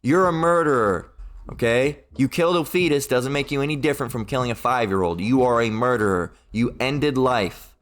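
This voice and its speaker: A man delivering an informal, unscripted sermon-style rant at a middle pitch. He talks bluntly and swears freely, circling back on his points and checking in with listeners. He sometimes jumps up into squeaky mocking voices. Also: moderate pace. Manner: blunt and profane, rambling, peppered with "all right?" and "okay?"; mocks opponents in raised put-on voices. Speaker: street-style preacher.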